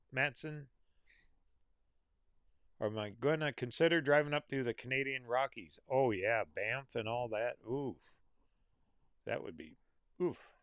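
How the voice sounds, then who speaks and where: Slow, folksy American man hosting a livestream. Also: medium pitch, a bit bright, smooth, no room sound, studio quality. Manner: easygoing, folksy, reads out viewer names and greetings. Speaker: livestream host reading viewer comments. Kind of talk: casual live chat.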